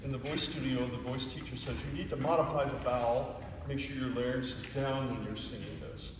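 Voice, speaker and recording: A man leading a choir rehearsal, patient and encouraging, who pokes fun at his own singing. He sounds far from the mic in a large hall with a long reverb tail. Steady background noise sits underneath his voice. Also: medium pitch, fairly quick. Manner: encouraging, self-deprecating, explains patiently. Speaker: choir conductor.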